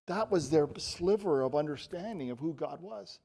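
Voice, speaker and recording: A man preaching a sermon in a church, earnest, moving between quiet intimate passages and emphatic raised lines. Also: a little high, expressive, normal speed, hardly any pauses. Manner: earnest, swings from soft to emphatic.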